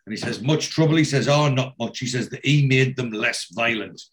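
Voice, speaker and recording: A man hosting a casual podcast, retelling a TV episode scene by scene and quoting the characters' lines, with a steady "he says" between quotes. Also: mid-range voice, fairly quick. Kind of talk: casual chat recapping a TV episode.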